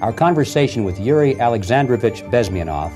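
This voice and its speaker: A man's voice: medium pitch, lively intonation, fairly quick, a little mellow. A man hosting an interview, speaking in a formal, announcer-like way. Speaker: interviewer, host. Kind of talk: broadcast host link. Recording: 1980s broadcast with music bed.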